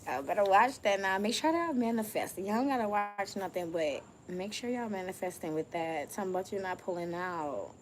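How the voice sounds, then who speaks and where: A woman's voice: mid-range voice, expressive, normal speed, background noise. A woman giving a casual spiritual tarot reading in slangy, profane talk, laughing often and stretching out emphatic phrases. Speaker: tarot reader.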